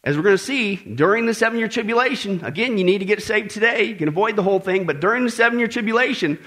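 A man preaching a sermon to a congregation, emphatic and animated, with joking asides and repeated warnings. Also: high voice, fast.

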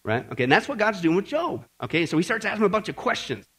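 A man with a fairly high, husky voice leads a Bible lesson. His pitch swings widely as he talks, and he keeps asking his listeners "okay?" and "right?". He drops in slang and jokes in a casual, conversational preaching manner. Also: very animated, quick pace, a bit bright. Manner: jokey, uses slang. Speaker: Bible teacher. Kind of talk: sermon-style Bible lesson to a group.

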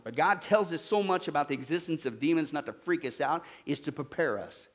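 Emphatic high-voiced male preacher. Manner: emphatic, swings from loud to hushed; rapid scripture citations. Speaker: pastor. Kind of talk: sermon.

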